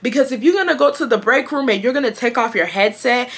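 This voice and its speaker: A woman's voice: fairly high pitch, quick pace, slightly rough. A young woman from Houston, Texas telling a chatty, sassy workplace storytime and mimicking the people in it. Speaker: vlogger. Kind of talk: casual storytime.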